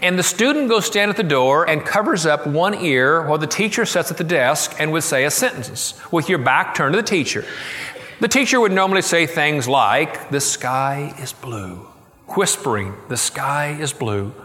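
A middle-aged man preaching a sermon, telling a story and quoting it with slow, soft emphasis. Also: a little high, lively intonation, in a large hall. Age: middle-aged or older. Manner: storytelling, quoting, slowing and softening for tender moments. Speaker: pastor.

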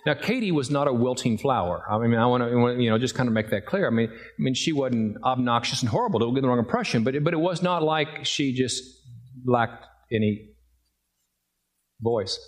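A middle-aged man delivers a sermon in an ordinary mid-range voice. He moves from gentle storytelling into emphatic, rising points. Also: mid-range voice, normal speed. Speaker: pastor.

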